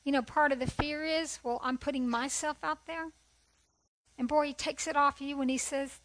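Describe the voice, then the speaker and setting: A woman's voice: high voice, fairly even intonation, normal speed, fairly bright tone, low-quality recording. A middle-aged woman sharing a personal testimony at a women's conference, earnest and conversational, often asking rhetorical questions. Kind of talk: testimony sermon.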